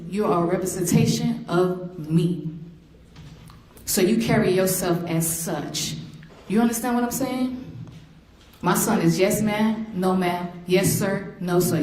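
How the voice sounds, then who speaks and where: A woman's voice: mid-range voice, a little mellow. A middle-aged woman, a victim's mother, giving an emotional courtroom impact statement through vivid storytelling. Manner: emotional, vivid storytelling that slips into acted quotes. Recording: echoey courtroom, faint noise.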